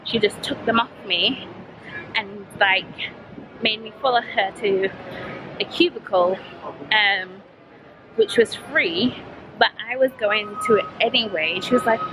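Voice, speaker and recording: A woman's voice: on the high side, unhurried, long pauses, background noise. Blunt young Yorkshire woman telling a story. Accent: Yorkshire English. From Yorkshire, England. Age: young adult. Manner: blunt, animated, acts out both sides of the exchange. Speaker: vlogger. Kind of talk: casual storytelling vlog.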